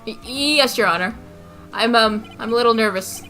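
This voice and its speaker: A woman voicing a nervous young male rookie defense attorney who narrates his story in a hesitant, low-key way. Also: moderate pace, sharp tone, faint music behind.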